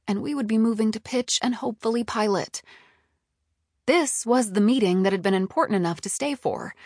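A woman's voice: medium pitch, no echo, clean studio sound. Woman narrating a first-person audiobook.

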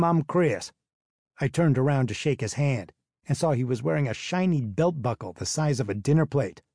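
A man's voice: mid-range voice, mellow, no room sound, studio quality. A man narrating a first-person audiobook in a wry, sullen tone.

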